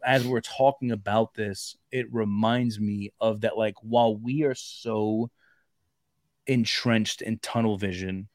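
A man on a podcast, telling a long story in casual chat, rambling and full of fillers, growing loud when he acts out shouting. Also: lowish voice, steady tone, slow pace, no room sound. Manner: rambling, repeats fillers like "like" and "bro". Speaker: podcast co-host.

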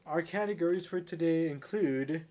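A man's voice: on the high side, moderate pace, mellow, a little hiss or hum. A young man co-hosting a casual podcast, rambling and restarting his sentences, often laughing. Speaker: podcast co-host. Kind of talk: casual chat.

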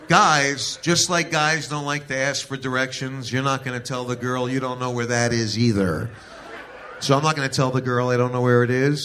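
A man's voice: mid-range voice, a bit bright. A man doing a stand-up comedy routine, telling crude stories bluntly. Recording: archival stand-up recording with noisy crowd. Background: audience laughter.

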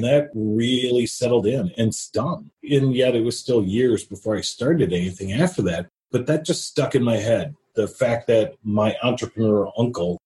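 A man's voice: on the low side, slight background noise, rough recording. A middle-aged man telling stories from his business life as a podcast guest, blunt and swearing freely. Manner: blunt, profane, animated storyteller. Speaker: entrepreneur guest. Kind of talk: casual storytelling interview.

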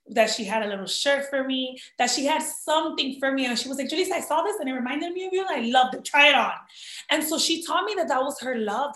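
A woman's voice: fairly high pitch, pushed and bright. A woman in her thirties, an actress, talking earnestly as an interview guest and slipping in Spanish words. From Dominican family in the United States. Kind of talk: emotional personal interview talk. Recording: echoey room.

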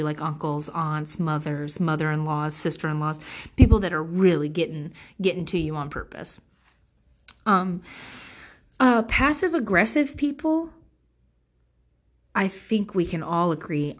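A woman in her thirties talking casually to camera, blunt and profane, giving advice while she vents about passive-aggressive people. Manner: blunt and profane, with sarcastic impressions of others; animated, swinging between loud outbursts and low mutters.

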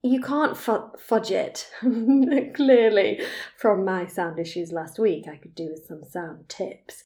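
A woman's voice: mid-range voice, slow pace, a little mellow. A woman, hosting her podcast from home next to a radiator. She chats in a bubbly, self-deprecating way. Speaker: podcast host. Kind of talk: casual chat. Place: home room beside a radiator. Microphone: desk podcast mic.

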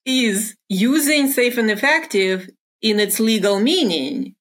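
A woman's voice: fairly high pitch, animated, slow. A middle-aged woman, a former pharmaceutical research executive, explaining things as an interview guest in earnest, careful steps.

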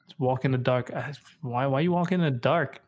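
A man co-hosting a podcast in casual chat, excitable and slangy. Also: mid-range voice, normal speed. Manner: excitable, laughs a lot, slangy. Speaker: podcast co-host.

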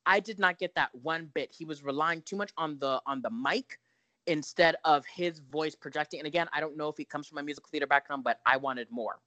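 A man's voice: on the high side, brisk, bright, forceful tone, no echo. A man co-hosting a podcast, sassy and emphatic, often repeating words as he builds his point. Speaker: podcast co-host. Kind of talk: casual pop-culture chat.

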